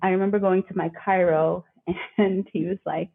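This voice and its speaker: A woman talks through her story as an interview guest, earnest and reflective, slipping into brief quoted voices. Her voice sits a little low and sounds a touch husky. It comes over a narrow, phone-like remote line. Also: steady tone, moderate pace. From living in Australia. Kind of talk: conversational interview. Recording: phone-like remote call audio.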